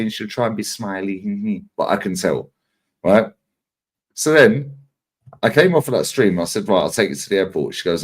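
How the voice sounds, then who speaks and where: With a fairly low pitch and a slightly slow delivery, a man in his 40s tells stories during a casual chat where he's a regular guest on a fan livestream. He stays animated throughout, cursing freely and acting out others' lines.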